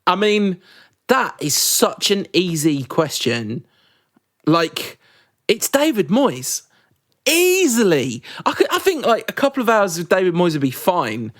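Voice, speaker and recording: Male podcast co-host, rambling and self-mocking, bright-ish voice, dry booth sound. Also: high-pitched, big pitch swings, no echo. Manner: rambling, self-deprecating, quick to laugh. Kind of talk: casual podcast chat.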